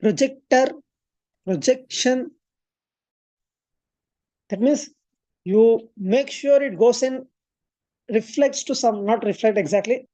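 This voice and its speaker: A woman's voice: fairly high pitch, slow pace, pauses often, mellow, no echo. Woman teaching maths at a board. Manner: explains step by step, thinks aloud with fillers and self-corrections. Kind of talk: classroom lecture at a board.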